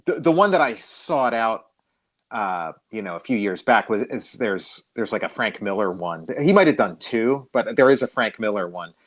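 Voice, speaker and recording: A man being interviewed as a guest, talking casually in halting phrases full of restarts and fillers. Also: on the low side, lively intonation.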